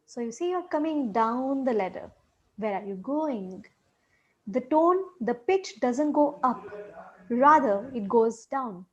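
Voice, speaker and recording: A woman's voice: sits high, expressive, measured pace, muffled recording. A woman teaching a short English lesson on intonation, patiently repeating example questions with exaggerated rising and falling tones.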